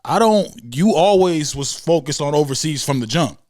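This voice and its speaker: A man hosting a casual sports talk show, relaxed and affirming as he asks his guest questions. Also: a little high, normal speed. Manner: relaxed, responsive, affirming, laughs along. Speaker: show host. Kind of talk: casual conversation.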